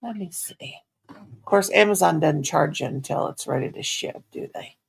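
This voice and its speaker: A woman's voice: low voice, normal speed, creaky, slight background noise. A woman chatting casually at home on her livestream, talking to herself and cooing at her pets in baby talk. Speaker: livestream host.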